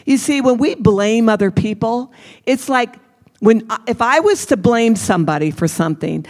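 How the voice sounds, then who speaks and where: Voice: mid-range voice, lively intonation, moderate pace, darkish tone, long reverb tail. A preacher giving a sermon, emphatic, repeating phrases and calling on the listeners directly.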